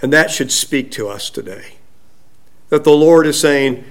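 A man preaching a sermon, slow and emphatic, dropping at times to a soft hush. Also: a little high, animated. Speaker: pastor.

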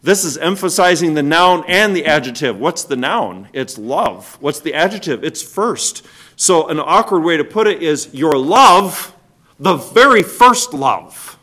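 A man preaching a sermon as pastor, asking the congregation rhetorical questions and swinging between loud stressed words and quiet drops. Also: a little high, animated, measured pace.

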